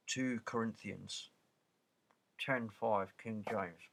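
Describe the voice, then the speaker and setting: A man's voice: medium pitch, a bit bright. Man reading aloud with rambling asides. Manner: halting, with many restarts and repeated words. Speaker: reader and commentator. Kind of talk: reading a book aloud with casual commentary.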